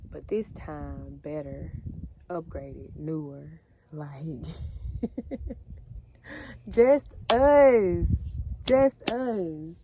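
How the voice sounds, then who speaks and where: Low-voiced woman telling her story earnestly. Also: creaky. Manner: earnest, talks straight to viewers as "y'all". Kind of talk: emotional storytime monologue. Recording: steady background noise.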